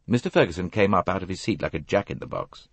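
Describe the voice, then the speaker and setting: A man narrating an audiobook in a measured storytelling manner. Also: sits low, big pitch swings, vocal fry, slightly rough, no echo. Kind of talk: scripted narration.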